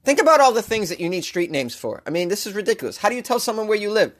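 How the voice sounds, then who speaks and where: A man with a slightly high voice rants through odd news items in a comic commentary show. He is sarcastic and animated, jumping into mock voices as he riffs. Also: racing. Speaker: podcast host.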